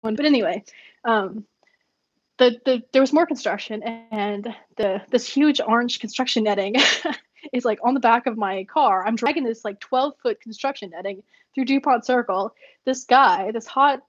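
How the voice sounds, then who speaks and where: Chatty woman with a high voice, rambling. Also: normal speed, no echo. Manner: rambling, laughs often, many fillers. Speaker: vlogger. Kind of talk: casual storytelling while journaling. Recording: dull dry lo-fi recording.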